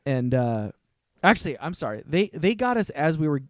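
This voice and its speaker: A man as a podcast guest, telling a story in casual chat, lively and profane, acting out the lines of the people in it. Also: fairly high pitch, moderate pace, no echo, clean studio sound. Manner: animated, swearing, acts out quoted lines.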